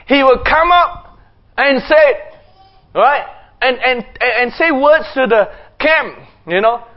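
High-voiced preacher telling a Bible story. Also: male voice, lo-fi sound. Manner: animated storytelling with sound effects and chuckles. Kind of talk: sermon.

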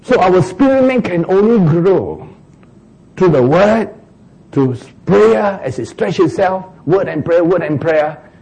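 Male preacher, animated sermon delivery, husky and mellow tone. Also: sits high, slow pace, poor audio. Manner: animated, mimics crying sounds for humor.

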